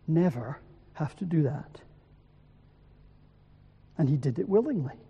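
A man preaching an evening sermon in a church, slow and solemn, using emphatic repetition. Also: a little high, warm tone, breathy edge, in a large hall.

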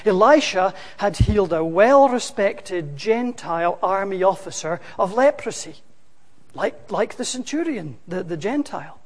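A preacher delivers a sermon at an unhurried pace, pressing hard on key words and rising to loud, dramatic quotations. The voice carries a long, lingering hall reverb. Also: mid-range voice.

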